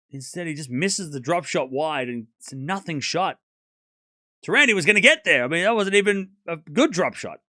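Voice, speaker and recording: A high, lively male voice calls a tennis match shot by shot for a live watchalong stream, with his pitch leaping on big points. His tone is bright and sharp, and he sits close to the mic in a dry room. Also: dry recording. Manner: excitable, animated, calls each shot. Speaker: watchalong commentator. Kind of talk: live play-by-play commentary.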